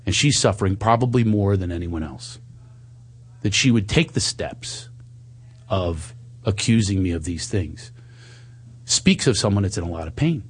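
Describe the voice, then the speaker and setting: Speaking at a moderate pace with frequent pauses and a breathy edge, a man candidly tells a personal story in conversation. He is animated, sometimes quoting himself in higher voices and dropping low and soft when the story turns tender.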